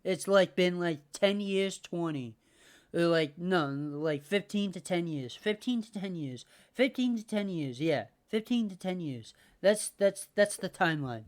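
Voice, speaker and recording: A woman's voice: on the low side, lively intonation, unhurried, a little mellow. A woman hosting a podcast, ranting casually and heatedly with lots of swearing and repetition. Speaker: podcast host. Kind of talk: casual rant.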